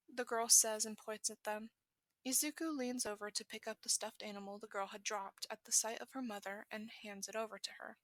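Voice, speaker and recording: Woman reading fanfic out loud, bright highish voice, dry close mic. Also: fairly even intonation, no room sound. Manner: brisk reading with self-corrections. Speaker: fan fiction reader. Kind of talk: podfic narration.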